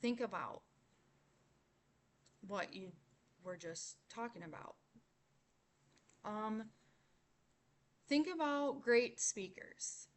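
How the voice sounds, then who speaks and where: A young woman giving a class presentation, explaining points in a measured way and slowing on key words. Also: fairly high pitch, expressive. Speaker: student presenter.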